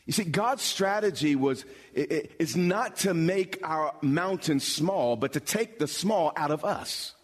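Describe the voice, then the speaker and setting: A pastor preaching a sermon, building from explanation to bold, emphatic calls with dramatic pauses. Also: male voice, on the high side, expressive. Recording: long hall reverb.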